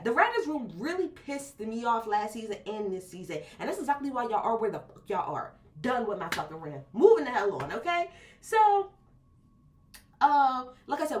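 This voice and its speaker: A woman reviewing a wrestling show in a casual, blunt and profane video rant, full of slang. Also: fairly high pitch.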